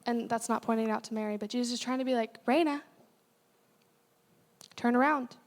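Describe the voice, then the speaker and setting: A woman's voice: a little high, little pitch movement, racing. A young woman giving a casual, chatty sermon as a guest speaker, with many fillers. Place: church hall. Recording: long hall reverb.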